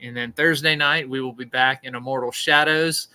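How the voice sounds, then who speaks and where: A man's voice: medium pitch, steady tone, moderate pace, sharp tone, clean tone, rough recording. A man hosting a live stream, chatting casually and laughing at his own corny jokes. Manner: joking, rambling, laughs at own puns. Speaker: podcast host.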